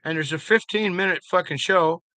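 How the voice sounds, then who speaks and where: A man's voice: high-pitched, brisk, pushed and bright, no room sound. A man streaming live, chatting loosely with viewers, rambling and swearing freely. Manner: rambling, profane, talks to chat by name. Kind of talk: casual live-stream chat.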